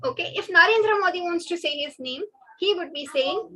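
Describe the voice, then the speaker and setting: Brief: woman teacher, bright and sharp tone, slow repeated pronunciation drills. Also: extremely high pitch, low-quality recording. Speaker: French teacher. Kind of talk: online language lesson. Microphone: webinar headset or computer mic.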